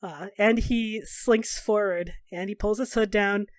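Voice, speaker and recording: A woman running a tabletop game, narrating at an ordinary pitch in a loose, chatty way with lots of "uh" and "like." The recording is dry and close to the mic. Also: fairly even intonation, unhurried, no room sound. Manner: casual, many fillers. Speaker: game master.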